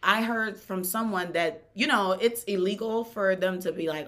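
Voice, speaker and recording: A young woman co-hosting a podcast in casual chat, chatty and animated, often laughing. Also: medium pitch, normal speed. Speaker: podcast co-host.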